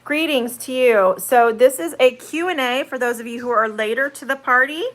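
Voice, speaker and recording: A woman's voice: high voice, moderate pace. A woman, an online English teacher, chatting through a live-stream Q&A, reading viewer comments aloud and carefully sounding out vowels.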